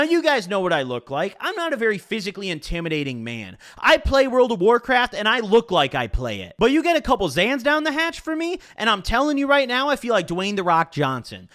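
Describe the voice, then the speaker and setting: A man casually telling a personal story in a profane, slangy, animated way. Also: sits high, fairly quick, few pauses.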